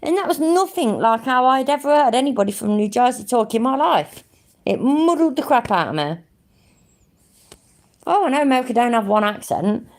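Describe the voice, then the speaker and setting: English woman, rambling stream talk, hums and swears, lively pitch, gravelly edge. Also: moderate pace. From England. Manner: swears casually, hums to herself, thinks aloud. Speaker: live streamer. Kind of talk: rambling live-stream chat.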